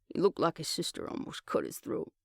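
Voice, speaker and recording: A man's voice: brisk, dry recording, studio quality, close to an everyday voice. A man doing Tripton, a cocky teasing young man. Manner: teasing, blunt.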